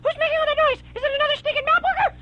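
A shrill, screeching furious neighbor. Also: female voice, muffled recording, very noisy. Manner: screeching and rapid-fire. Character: shrill furious woman neighbor woken at night. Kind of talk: homemade comedy radio play.

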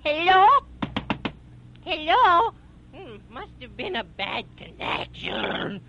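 A woman playing a gravelly, exasperated caller. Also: very high voice, big pitch swings, slow pace, music in the background, heavily acted. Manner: muttering asides to herself. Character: exasperated woman caller on a bad phone line. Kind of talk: homemade comedy radio play. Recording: dull lo-fi recording.

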